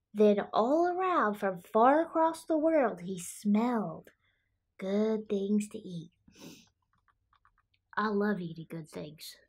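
A woman's voice: mid-range voice, a little mellow, husky. A woman playing Pickles, a quirky childlike woman who says she was raised by wolves, reading a picture book aloud with chatty asides about herself in the third person. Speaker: storyteller.

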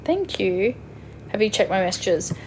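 A woman's voice: medium pitch, very animated, unhurried, darkish tone, slight background noise. A woman in her twenties from Western Australia with an Australian accent, chatting on a phone live stream and answering viewer comments. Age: 20s. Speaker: livestreamer. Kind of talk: casual live-stream chat reading comments.

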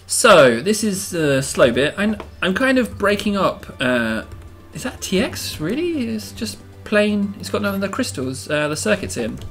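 A man's voice: high voice, sing-song, unhurried, few pauses, fairly bright tone, soft background music. A man hosting a game video, giving casual, self-amused commentary and thinking aloud as he builds.

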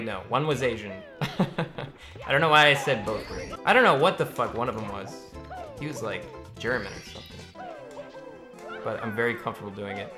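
A young man streams a game live, chatting with viewers and joking and swearing whenever play goes badly. His mid-range voice sounds pushed and bright.

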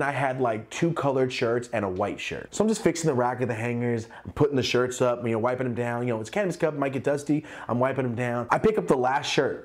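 Man, storytime vlog, casual, profane, animated, mid-pitched voice. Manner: profane, animated, acts out quotes in loud high voices. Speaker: clothing brand owner and YouTuber.

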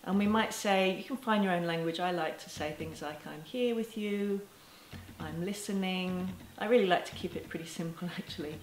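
A woman teaching parents to camera in a gentle, reassuring way, now and then with a soft laugh. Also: on the low side, steady tone, fast, hardly any pauses, a little hiss or hum. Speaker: parenting educator. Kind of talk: talking to camera. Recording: echoey room with faint ambience.

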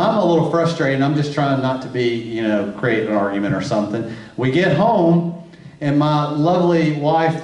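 A man's voice: mid-range voice, a little mellow, recorded from a distance. Candid male marriage speaker in echoey hall. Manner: candid, self-deprecating storytelling. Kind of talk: church talk. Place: church hall.

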